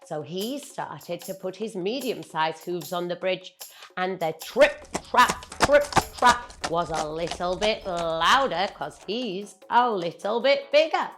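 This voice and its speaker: A young British woman telling a children's story in an animated, playful way, drawing her words out. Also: lowish voice, unhurried, over music.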